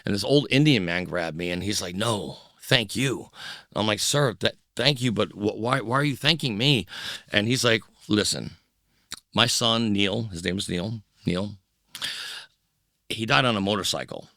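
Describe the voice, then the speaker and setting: Middle-aged male guest, low gravelly voice, sharp bright tone, dry studio mic, acts out voices as he tells his story. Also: moderate pace, no room sound. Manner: animated storyteller who acts out quoted voices. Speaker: podcast guest, musician. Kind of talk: candid storytelling interview. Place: podcast studio. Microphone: studio microphone.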